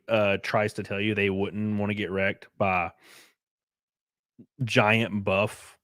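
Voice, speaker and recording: A man hosting a casual live stream, joking crudely and thanking viewers by name, jumping from loud outbursts to quiet muttering. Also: fairly low pitch, dry recording, studio quality. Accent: Southern American. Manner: crude, joking, reads and thanks super chats aloud. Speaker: livestream host.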